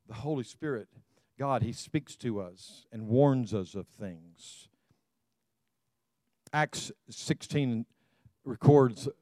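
A middle-aged man preaching a sermon in a conversational, animated way, often repeating and restarting phrases. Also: medium pitch, dry recording. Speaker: pastor.

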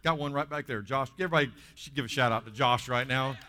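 Guy preaching a sermon, gets loud then drops soft, mid pitch voice. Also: fast talker. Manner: animated, swings between loud bursts and soft asides. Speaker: pastor.

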